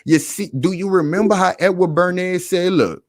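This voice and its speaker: A man's voice: high-pitched, steady tone, normal speed, no room sound, studio quality. A man hosting a live stream and talking casually, preaching and calling out to his viewers again and again.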